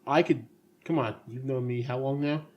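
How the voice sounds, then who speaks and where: A man's voice: medium pitch, normal speed, darkish tone, highs cut off. A middle-aged man co-hosting a casual podcast chat, joking around and laughing often. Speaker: podcast co-host.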